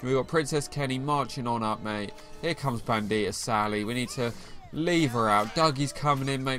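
A man's voice: mid-range voice, normal speed. Slangy young man commentating his game. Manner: excitable, slangy banter at his opponent. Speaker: gaming YouTuber. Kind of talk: casual gameplay commentary. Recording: faint game music behind the voice.

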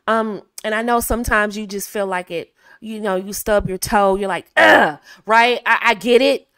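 A woman's voice: medium pitch, fairly even intonation, normal speed, a bit bright, clear, resonant tone, no echo, clean studio sound. A woman from the American South with a Southern accent, giving casual advice in a chatty way, laughing often and acting out phrases. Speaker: video host.

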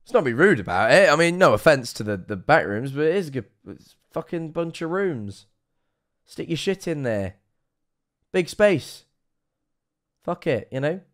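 A man's voice: a little high, very animated, normal speed, a bit bright. A young man chatting casually on a live stream as he reacts to a video, talking over it and swearing freely.

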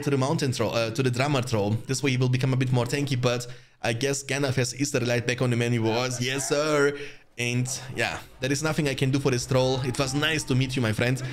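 A young man talks through his strategy game match as he plays it, addressing viewers directly. He is chatty and easily excited. His voice sits at an ordinary middle pitch. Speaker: gaming channel host. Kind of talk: live gameplay commentary.

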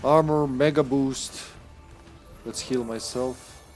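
A man commenting on his own online game as he plays, swearing often and sometimes shouting at the screen. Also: mid-range voice, steady tone, slow, soft background music. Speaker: streamer. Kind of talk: live gameplay commentary.

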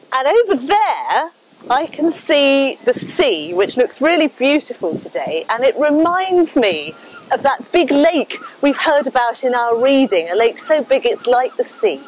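A woman canon, a little out of breath, gently telling a story to schoolchildren outdoors on a rooftop. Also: fairly high pitch, expressive, unhurried, slight background noise, low-quality recording. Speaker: cathedral canon. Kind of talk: talk to schoolchildren. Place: cathedral roof, outdoors.

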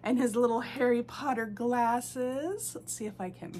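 A woman hosting her doll channel, who gushes with excitement and coos to her dolls. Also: fairly high pitch, unhurried, breathy edge. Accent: American. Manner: gushing, excitable, lots of "oh my goodness"; baby talk to her dolls. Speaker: reborn doll channel host. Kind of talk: unboxing vlog chat.

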